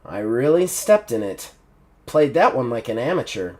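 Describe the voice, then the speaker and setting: A man narrating as game master, animated and quick to laugh. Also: mid-range voice.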